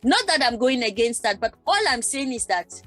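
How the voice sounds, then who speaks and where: A woman who grew up in Germany, speaking as a panelist in a discussion, talking in an animated way with many restarts and repeated words. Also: a little high, normal speed, soft background music. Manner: animated, acts out quoted exchanges, repeats herself.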